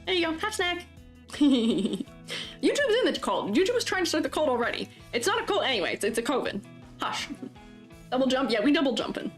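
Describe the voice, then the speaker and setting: A woman's voice: high-pitched, sing-song, brisk. A woman streaming as she draws. She chats casually, laughs often and reads viewer comments aloud. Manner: playful and teasing with chat. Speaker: streamer reviewing avatar designs. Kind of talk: casual live-stream chat while drawing. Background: faint background music.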